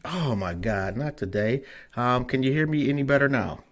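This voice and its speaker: A man's voice: mid-range voice, expressive, moderate pace, a little hiss or hum. A man hosting a podcast interview over a remote call, casual and profane, repeatedly checking whether his guest can hear him. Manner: loose and profane, frustrated with tech trouble. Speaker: podcast host.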